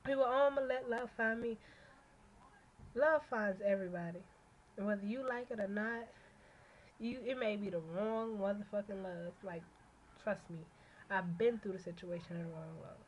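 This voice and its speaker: A young woman rambling casually to her camera in a vlog, blunt and loaded with curses. Her voice sits at an ordinary middle pitch. A faint hiss lingers behind her. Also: normal speed, pauses often, muffled recording. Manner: blunt, profane, ranting. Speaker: vlogger.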